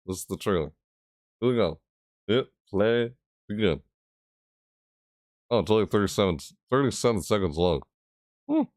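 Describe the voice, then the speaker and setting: A man giving casual reaction commentary on a gaming video, thinking aloud in rambling, stop-start asides and breaking into loud screeching imitations. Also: lowish voice, animated, normal speed, pauses often, no room sound, studio quality.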